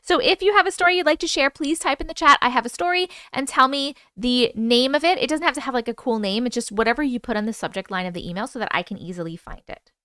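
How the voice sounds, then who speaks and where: A woman's voice: sits high, quick pace, few pauses, fairly bright tone, no room sound, clean studio sound. A woman hosting a casual livestream, chatting loosely, swearing freely and greeting and thanking viewers by name. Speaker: livestream host.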